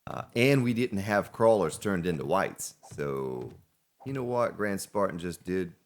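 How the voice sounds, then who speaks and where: A man's voice: sits low, sing-song, unhurried. A man hosting a gaming let's play, chatting casually and rambling to himself as he plays. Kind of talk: casual gameplay commentary.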